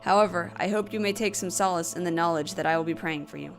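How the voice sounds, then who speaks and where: Calm kind preacher voiced by a woman, measured and soothing, lowish voice, faint music underneath. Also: gravelly. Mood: consoling. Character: gentle, devout preacher offering comfort.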